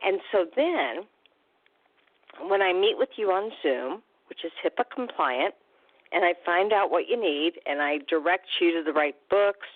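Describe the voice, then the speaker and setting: A woman talks through a radio show as a recovery coach, chatty and upbeat, her pitch leaping and dipping as she goes. Her voice comes over a thin, phone-like line. The sound is dry, with no room around it. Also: unhurried, no echo. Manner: chatty, lively and upbeat, with fillers. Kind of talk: radio talk-show monologue.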